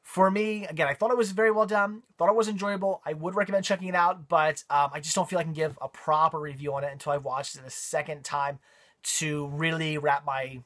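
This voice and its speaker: A man's voice: fairly high pitch, fairly even intonation, a little fast, a bit bright. A man giving a casual spoken movie review, rambling with frequent ums and repeated words.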